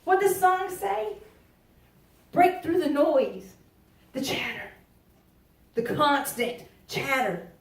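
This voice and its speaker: A woman preaching a lively sermon, emphatic and folksy, joking and dropping into quiet asides. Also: high-pitched, slow, pauses often. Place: church sanctuary. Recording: echoey church from far off.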